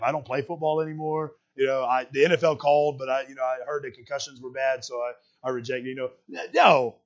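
A man preaching a sermon as a pastor, talking conversationally and swinging between loud bursts and quiet asides. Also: on the high side, slightly rough, highs cut off. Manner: animated, conversational preaching with sudden loud jumps and quiet drops.

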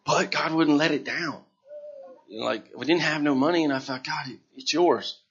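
Husky earnest man sharing his testimony. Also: a little high, fairly bright tone. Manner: earnest, halting, repeats words when moved. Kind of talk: emotional personal testimony to a gathering. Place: room before a gathered audience. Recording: dull lo-fi recording.

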